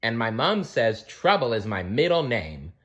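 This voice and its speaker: A man voicing a young, boastful and mischievous koala boy in a storybook reading, with an excited, raised, high voice. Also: unhurried. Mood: eager.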